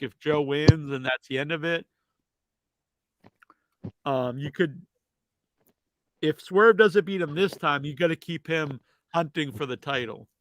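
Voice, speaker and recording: A man's voice: a little high, no echo. A man hosting a live podcast with a stuffed-up nose, answering viewer questions in a rambling, casual way with plenty of fillers. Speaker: podcast host. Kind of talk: casual live-stream chat.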